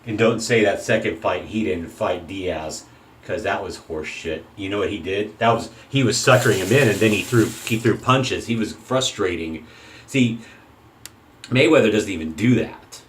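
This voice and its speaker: A man's voice: lowish voice, moderate pace, rough recording. A man hosting a shaving channel, rambling through an opinionated casual monologue and often cutting himself off mid-sentence. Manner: opinionated, rambling, self-interrupting.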